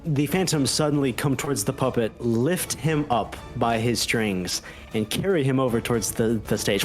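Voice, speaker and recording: A man narrating as game master of a tabletop game, with halting restarts. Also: medium pitch, over music.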